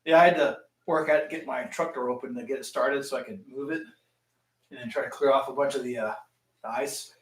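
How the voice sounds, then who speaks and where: A man's voice: medium pitch, fairly even intonation, brisk. Joking man in an echoey garage. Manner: easygoing, joking, laughs often. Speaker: co-host, home brewer. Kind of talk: casual banter. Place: cold garage.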